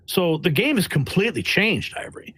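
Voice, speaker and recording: A man with a somewhat high voice tells his stories bluntly and with animation, slipping into quick impressions of the people he meets. The sound is dry and close, with no room around it. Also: breathy edge, dry recording. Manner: blunt, animated, acts out quotes. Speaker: White House press correspondent. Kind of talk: casual interview storytelling.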